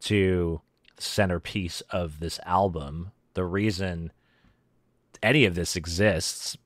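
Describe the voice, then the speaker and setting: A man's voice: low voice, steady tone, slow, a bit bright, no room sound. A man co-hosting a podcast, talking enthusiastically and joking in a casual music discussion. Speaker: podcast co-host.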